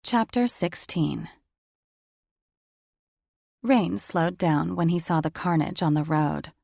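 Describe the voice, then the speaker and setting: A woman narrating a romance audiobook in an even, measured storytelling voice. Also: lowish voice, gravelly, no echo, clean studio sound.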